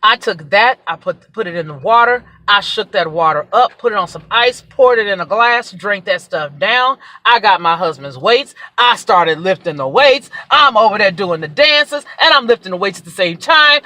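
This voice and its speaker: Animated woman ranting in car. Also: mid-range voice, normal speed, low-quality recording. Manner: emphatic, exasperated, repeats words for effect. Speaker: vlogger. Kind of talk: animated storytelling rant. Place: parked car.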